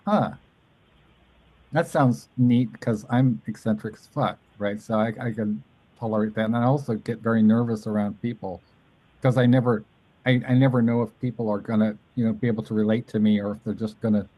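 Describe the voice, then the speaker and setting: A man's voice: fairly low pitch, fairly even intonation, brisk, dark tone, no room sound, poor audio. A man hosting a casual chat, telling a long rambling story and animatedly mimicking the voices of people he quotes. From Southern California. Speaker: podcast host.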